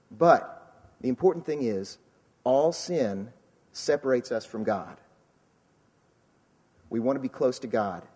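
A man's voice: warm tone, slightly rough, big-room sound. A man preaching in a conversational, earnest way, pressing his points with emphasis. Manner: earnest, emphatic, mocks a careless sinner in a high voice. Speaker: pastor.

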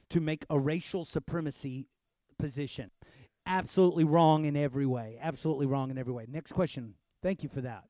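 A man's voice: fairly high pitch, dark tone, dry recording. A man in his thirties preaching a sermon, answering questions in a conversational way that builds to emphatic peaks. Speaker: pastor.

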